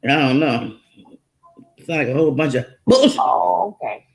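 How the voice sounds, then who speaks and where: Sarcastic woman with a gravelly voice. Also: low voice, lively intonation, moderate pace, rough recording. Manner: sarcastic, mocking asides. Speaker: commentary host. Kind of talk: reaction commentary.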